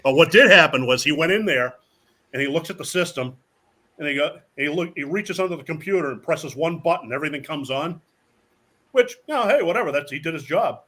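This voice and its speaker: A man tells rowdy stories as a guest, cursing freely and acting out every quote. His voice sits a little high and swings widely in pitch. The tone is bright and forceful. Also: a little fast. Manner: animated, acts out quotes, swears freely. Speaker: guest, professional wrestler. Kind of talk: casual storytelling.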